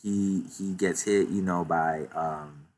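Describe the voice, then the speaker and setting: A man casually recapping a comic chapter, retelling the action excitedly with many fillers. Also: low voice, slow. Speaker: YouTuber recapping a manga chapter.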